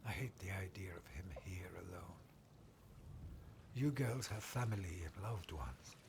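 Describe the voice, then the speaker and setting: Gravelly, tender old father. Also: fairly low pitch, noisy background. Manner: tender, earnest letter reading. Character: loving, worried older father. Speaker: father writing to his daughters.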